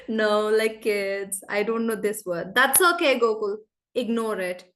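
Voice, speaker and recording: A woman teaching English in an online class over a video call, brisk and chatty, calling on students by name. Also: mid-range voice, fairly bright tone.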